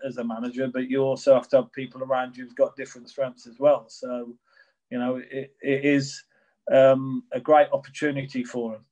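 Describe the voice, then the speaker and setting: A man's voice: mid-range voice, a little mellow, dull audio. A middle-aged man, a former footballer, answering interview questions in a rambling way with many restarts. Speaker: former professional footballer guest.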